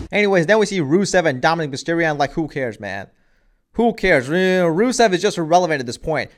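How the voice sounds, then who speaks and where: A man's voice: a little high, fairly bright tone. A young man giving a casual, opinionated wrestling review, exasperated and ranting with lots of "you know" and "man".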